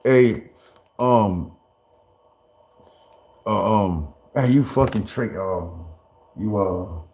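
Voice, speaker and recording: A man's voice: lowish voice, extremely slow, a little mellow. A man telling stories in rambling, profane casual talk, stammering and restarting often and breaking into laughter. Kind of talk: casual storytelling.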